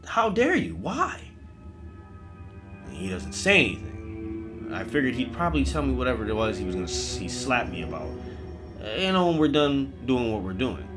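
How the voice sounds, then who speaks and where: A man telling a comic story, animated and profane, acting out every character. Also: mid-range voice, brisk, music in the background. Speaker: storyteller host.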